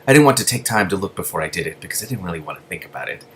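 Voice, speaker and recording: A man's voice: low-pitched, lively intonation, racing, fairly bright tone, slight background noise. A man reading a novel aloud and breaking in with gushing asides. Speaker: reader.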